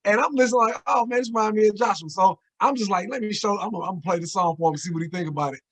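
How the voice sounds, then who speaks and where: A man in his forties co-hosting a relaxed conversation, with a voice pitched notably high for a man. He talks emphatically and confidingly, tossing in quick affirmations. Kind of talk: casual chat.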